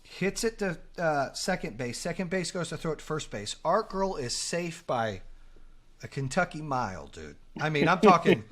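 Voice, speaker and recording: Middle-aged guy, podcast host, lively swearing storyteller, bright voice that swings up and down. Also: a little high, normal speed. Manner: animated, profane, acts out quoted lines. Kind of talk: casual storytelling.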